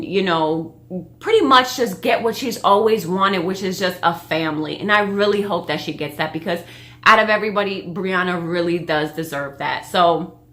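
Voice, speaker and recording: Young adult woman, bright voice, casual gushing recap vlogger, heavy on fillers. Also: lowish voice. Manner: chatty, gushing, lots of "like" and "you know". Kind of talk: casual reality-show commentary.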